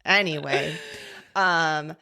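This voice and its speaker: A woman's voice: low voice, creaky, sharp tone, clean tone. Blunt, swearing woman podcast co-host. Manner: blunt, swears casually, quick bursts of exasperation. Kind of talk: casual chat.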